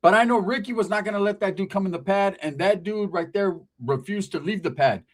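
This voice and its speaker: A man telling a comedic story with animated, profane, slangy delivery. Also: high voice, a little fast.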